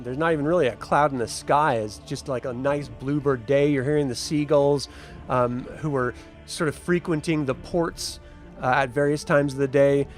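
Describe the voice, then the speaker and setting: A man narrating a tabletop adventure as game master, setting scenes in a relaxed, chatty way with plenty of fillers. His voice sits a little higher than usual for a man. Faint background music runs under him.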